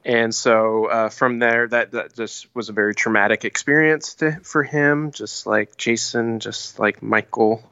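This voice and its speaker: A man's voice: mid-range voice, fairly even intonation, a little slow, few pauses, pushed and bright, smooth, no echo, lo-fi sound. A man chatting casually about a horror movie on a podcast, rambling with fillers and restarts. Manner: laid-back, rambling, with many fillers and restarts. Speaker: podcast co-host.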